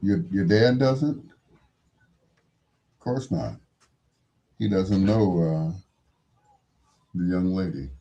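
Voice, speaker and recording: Slow, low-voiced male call-in host. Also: dark tone, highs cut off. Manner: unhurried, laughs often, short affirming murmurs. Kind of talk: casual call-in chat.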